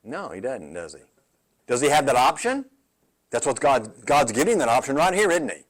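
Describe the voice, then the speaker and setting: A man's voice: medium pitch, sing-song, normal speed. A man pastor teaching a midweek Bible study in a conversational way. He often checks in with "right?" and repeats words as he goes. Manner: conversational, asks the group questions like "right?".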